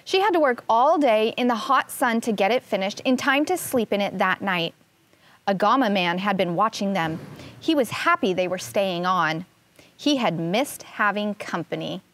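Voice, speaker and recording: A woman teaching first grade, reading a picture book aloud in a slow, expressive way and asking the children questions. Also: medium pitch, no echo.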